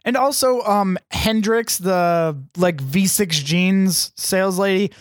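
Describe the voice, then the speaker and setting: A man with a notably high voice chats casually about a movie he watched. He rambles through scenes and slips into mocking quoted lines. The sound is dry and close, with little room echo. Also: slow. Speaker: podcast co-host. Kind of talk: casual movie review chat.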